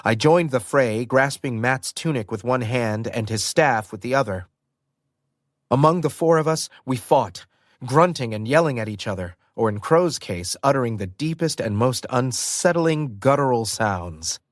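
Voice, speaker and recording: A man reading a first-person audiobook in an expressive storytelling manner. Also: medium pitch, moderate pace, no echo, clean studio sound. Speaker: audiobook narrator.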